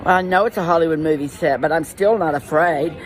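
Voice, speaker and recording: A man with a Southern US accent chatting to camera in an animated, exclaiming storytelling way. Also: on the high side, fast, a faint crowd. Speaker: social media personality. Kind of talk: casual monologue to phone camera.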